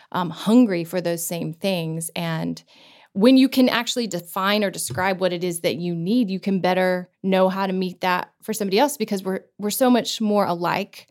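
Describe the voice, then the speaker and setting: Emotional woman hosting an interview. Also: fairly low pitch. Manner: warm, emotional, affirming listener. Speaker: interview host. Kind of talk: faith-based interview conversation.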